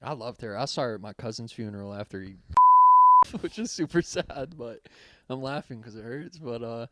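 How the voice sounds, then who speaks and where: A man, co-hosting a podcast in casual chat, laid-back and quick to laugh while telling stories. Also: mid-range voice, lively intonation, background noise. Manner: laid-back, swears freely, laughs mid-story. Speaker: podcast co-host.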